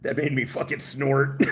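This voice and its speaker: A man hosting a livestream, reacting to a clip with loud, profane, laughing commentary and shouting out donors. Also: mid-range voice. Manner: loud, laughing, swearing, animated. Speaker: livestream host.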